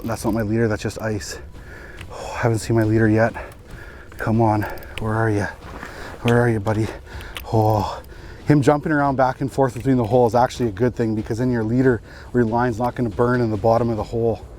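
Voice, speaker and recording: A man's voice: mid-range voice, darkish tone, a little hiss or hum. A man vlogging outdoors on a frozen lake, giving live fishing commentary with exclamations and repeated short phrases.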